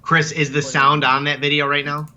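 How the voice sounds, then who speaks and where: Man on a video call, very bright voice, wry self-mocking banter. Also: a little high, little pitch movement, moderate pace, muffled recording. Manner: joking, self-deprecating. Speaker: guest co-host. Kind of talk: casual chat.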